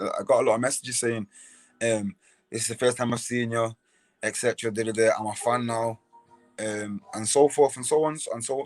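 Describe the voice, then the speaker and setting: A man's voice: mid-range voice, darkish tone, no echo. Dry-sounding man, stumbling restarts. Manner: repeats words and restarts often, says sorry for slips. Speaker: professional boxer, guest. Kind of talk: casual interview talk.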